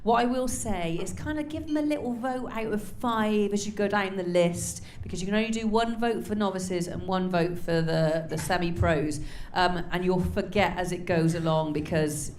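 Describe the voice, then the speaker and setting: Woman MC in her forties, brash and profane crowd work, loud high yelps, mic echoing round the club. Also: normal speed, hardly any pauses, slight background noise. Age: 40s. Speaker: MC of a stand-up comedy night. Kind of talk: live stand-up crowd work. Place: comedy club stage.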